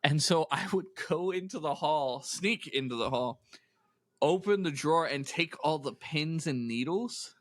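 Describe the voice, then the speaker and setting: A young man with a fairly high voice tells stories from his childhood in loose, laughing podcast talk, cursing along the way. The recording is dry and close, with no room sound. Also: unhurried, no echo. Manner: casual, laughing, swearing. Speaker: podcast co-host. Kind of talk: casual storytelling chat.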